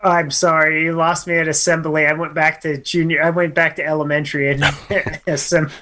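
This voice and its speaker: A man's voice: a little high, little pitch movement, normal speed, background noise. A man co-hosting a radio show, joking around and laughing in casual banter. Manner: jokey, laughs often, tries silly accents. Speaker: radio co-host.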